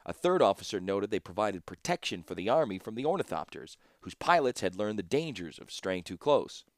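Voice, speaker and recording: A man with a low voice reads an audiobook in a measured, steady way. The recording is dry and close, with no room sound at all. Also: no echo. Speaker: narrator. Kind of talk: audiobook narration.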